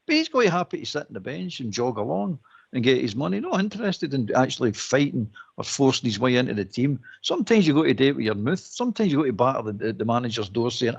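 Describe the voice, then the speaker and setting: Gravelly Scottish man ranting on air. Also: mid-range voice, fast, lo-fi sound. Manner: animated, ranting, acts out quotes. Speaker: caller. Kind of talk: phone-in football chat.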